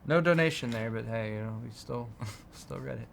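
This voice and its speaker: A young man co-hosting a live tech show, casually reading out donations and shoutouts. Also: mid-range voice, normal speed, creaky, slight background noise. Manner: relaxed, reads out donations and shoutouts. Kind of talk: casual live-stream chat.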